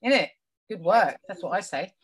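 A woman's voice: on the low side, lively intonation, moderate pace, slightly rough. A woman co-hosting an online charity quiz over a video call, dry and bickering in casual comic banter. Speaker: quiz co-host.

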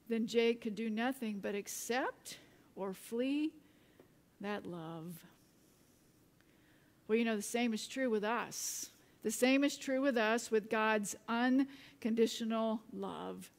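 A woman pastor preaching a sermon, telling a story in a relaxed way with light chuckles. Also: on the high side. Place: church. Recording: reverberant church sanctuary.

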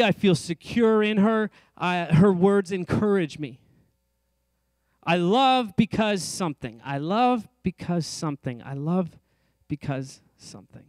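A man's voice: high voice, dry recording. A middle-aged man preaching a sermon in a church, earnest and conversational with light self-deprecating asides. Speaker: pastor. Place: church sanctuary.

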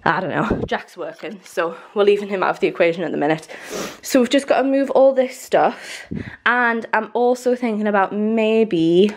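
A young woman in her twenties records a casual vlog as she moves around her half-unpacked house. She talks in a mid-pitched voice and rambles, filling pauses with "like" and small restarts. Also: expressive. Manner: chatty and rambling, many "like" fillers. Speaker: lifestyle vlogger. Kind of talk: casual vlog chat to camera. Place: indoors in a newly moved-into house.

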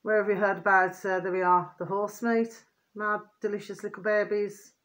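A woman's voice: mid-range voice, level tone, normal speed, fairly bright tone. A woman vlogger talking in a rambling, repetitive way to her viewers, often irritated and venting. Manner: rambling, repeats pet phrases, asks "do you see what I mean". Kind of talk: rambling casual monologue to viewers.

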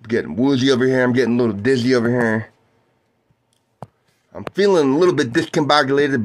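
A man with a mid-range voice calls a basketball game live for his stream. He whoops and yells on the big plays, then chats easygoingly with viewers in the lulls between them.

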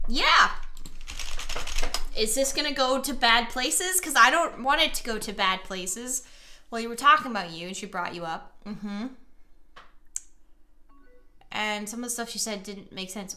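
Young woman streamer, high bright voice, reads chat lines out and swears a lot, faint hiss behind. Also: moderate pace. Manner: swears a lot, turns loud and exasperated. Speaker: gaming streamer. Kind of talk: let's play commentary, reading chat aloud.

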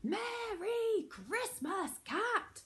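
A woman doing a loud, jolly Santa. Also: very slow. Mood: boisterous. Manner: loud, booming and excitable. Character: jolly boisterous old man Santa.

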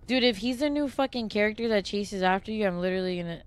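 A woman's voice: medium pitch, quick pace, smooth. A young adult woman streaming a horror game live, easily spooked and swearing, chatting to viewers and thanking them between frights. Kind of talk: casual live gameplay streaming.

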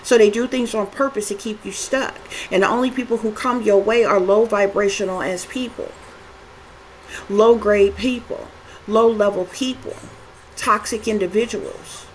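A woman's voice: medium pitch, fairly even intonation, normal speed, slight background noise, low-quality recording. A woman giving a spiritual tarot reading, talking emphatically in long repetitive lists with frequent cursing. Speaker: tarot reader.

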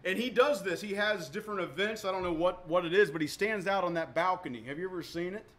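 A man preaching a sermon as pastor, emphatic, with sharp swings between loud and soft, often repeating words for emphasis. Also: high voice, fast talker.

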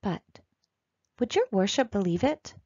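A woman's voice: mid-range voice, sing-song, unhurried, a little mellow, no room sound, lo-fi sound. A woman reading aloud, voicing a sly, cackling old witch who poses as pious.

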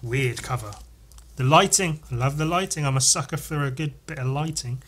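A young man with a somewhat high, bright and forceful voice talks casually on his podcast. He rambles, swears freely and gushes over the artwork as he flips through the pages. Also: normal speed. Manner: profane, rambling, enthusiastic. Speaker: podcast host reviewing comics. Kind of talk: casual chat.

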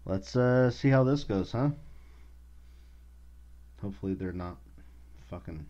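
Deep voiced guy ranting on his podcast, cursing nonstop, muffled lo-fi audio. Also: a little slow, dark tone. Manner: angry, swears constantly. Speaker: podcast host. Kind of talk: casual profane rant.

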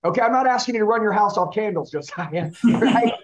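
A man's voice: high-pitched, fairly quick, noisy background. A man running a live sales training, coaching a trainee with intense, repetitive questions. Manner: intense, coaching, repeats the listener's name.

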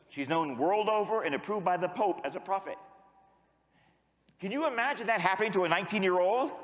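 A priest giving a sermon as an animated storyteller who acts out the dialogue. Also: male voice, sits high, big-room sound.

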